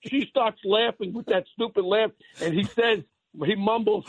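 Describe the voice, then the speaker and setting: A man's voice: high voice, fairly even intonation, normal speed, no echo. A man, calling in as a regular guest and ranting bluntly on talk radio. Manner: blunt, insulting, heated. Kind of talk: brash talk radio rant. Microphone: phone line. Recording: tinny dry phone line.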